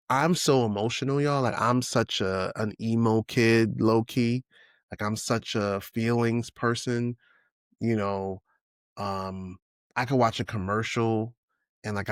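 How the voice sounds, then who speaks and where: A man in his forties talks through his thoughts on a solo podcast, circling back and restarting as he goes. His voice sits low and the sound is dry and close, with no room around it. He is candid and emotional and swears now and then. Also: no room sound. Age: 40s. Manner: reflective, thinks out loud with many restarts and "you know what I'm saying". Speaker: podcast host. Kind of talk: unscripted solo podcast monologue.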